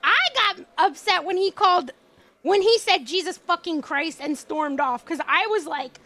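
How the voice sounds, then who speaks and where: A young woman streaming a game, chatting in a lively way, laughing often and swearing freely. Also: extremely high pitch, moderate pace. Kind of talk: casual chat while streaming a game.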